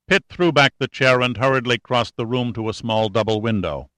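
A man narrating an audiobook thriller in a steady, tense storytelling manner. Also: medium pitch, moderate pace, no room sound, studio quality. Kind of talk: scripted narration.

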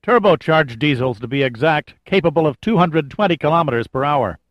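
A man's voice: a little high, expressive, brisk, dry recording, lightly acted. A man doing a sardonic, gloomy sidekick. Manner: dry, sardonic, mock-weary. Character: wisecracking, gloomy male sidekick. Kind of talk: audiobook character voice. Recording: dull lo-fi dry recording.

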